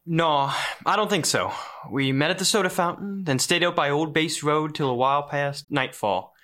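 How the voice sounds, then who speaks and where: A man's voice: on the high side, normal speed, pushed and bright. A man playing a hesitant young man from a farm town, stumbling with "uh" under questioning in an audio drama. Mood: nervous.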